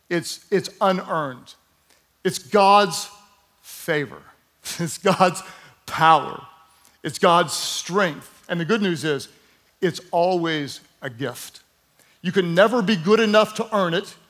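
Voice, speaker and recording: A male pastor with a high-pitched, sharp-toned voice preaches a sermon. He is emphatic, has the congregation repeat words aloud, and slips in playful asides.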